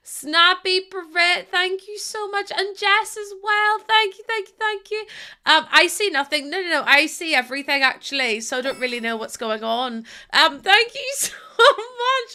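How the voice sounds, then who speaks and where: A young woman hosts her live stream from home, laughing often and thanking her viewers one by one. Her voice sits high and sounds bright and sharp. She talks in a loose, chatty way, full of exclamations. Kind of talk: casual live-stream chat. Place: home, indoors.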